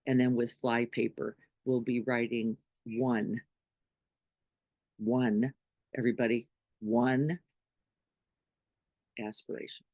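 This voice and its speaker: A woman's voice: very deep voice, little pitch movement, takes it slowly, long pauses, dry recording, lo-fi sound. A middle-aged woman giving an informal spiritual talk to a group as its teacher, in a conversational way that keeps checking in with her listeners. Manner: conversational, often checks in with "right?".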